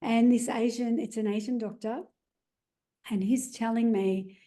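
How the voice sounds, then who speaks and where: Sharing a personal experience in earnest, this Australian guest peppers her account with "you know." She speaks at a measured pace with a fairly even intonation, in a high-leaning voice with a dark tone.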